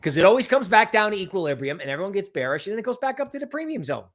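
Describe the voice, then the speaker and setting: A man hosting a casual crypto market stream, talking in an animated, rambling way full of asides. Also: high-pitched, racing. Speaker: crypto market show host.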